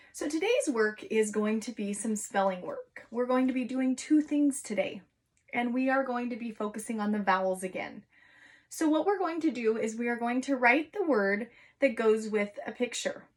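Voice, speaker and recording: Woman teaching phonics, sounding out slowly. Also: medium pitch. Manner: slow, exaggerated sounding-out of letters; encouraging, sing-song teacher voice. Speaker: kindergarten teacher. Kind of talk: online phonics lesson for young children.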